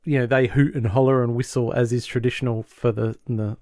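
A man's voice: medium pitch, steady tone, brisk, darkish tone, no room sound, clean studio sound. A male podcast host recapping a sitcom episode in a chatty way, laughing easily and acting out the lines.

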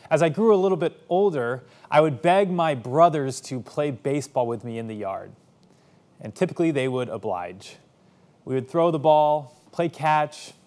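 A man in his thirties, a pastor telling stories from his childhood in a sermon, animated and acting out the voices in them. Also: on the high side. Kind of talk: sermon storytelling.

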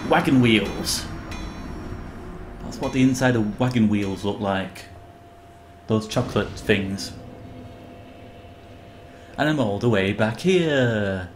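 A man's voice: lowish voice, slow pace, long pauses, noisy background. A young man commentating his own game live, sarcastic and swearing, yelping when startled. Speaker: gamer playing live.

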